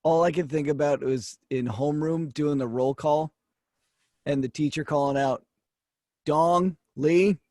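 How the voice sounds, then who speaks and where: A man's voice: fairly high pitch, fairly even intonation, normal speed, mellow, dry recording, clean studio sound. A man co-hosting a podcast, chiming in with teasing, laughing remarks in casual chat. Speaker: podcast co-host.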